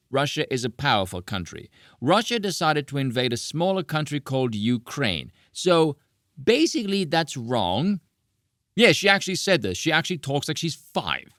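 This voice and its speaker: A man's voice: on the high side, a bit bright, no room sound, studio quality. A man ranting sarcastically as a political reaction commentator, mocking and exasperated.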